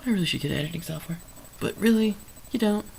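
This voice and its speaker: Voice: medium pitch, quick pace, gravelly, a little hiss or hum, low-quality recording. A vlogger rambling through an unscripted movie review, sarcastic and emphatic, often correcting themself mid-sentence. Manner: rambling, stream of consciousness, self-correcting.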